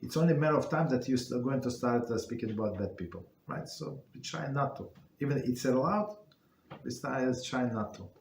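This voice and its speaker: Halting man teaching a Torah class. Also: medium pitch, gravelly, a little mellow, roomy sound, slight background noise. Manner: halting, many fillers and restarts. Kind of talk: casual spoken Torah class.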